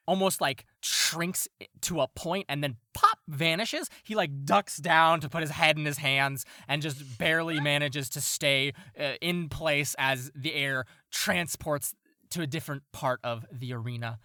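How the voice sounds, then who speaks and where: A man's voice: fairly high pitch, measured pace, bright, forceful tone, no room sound, studio quality. A man narrating a tabletop game as game master, laughing often and swearing casually.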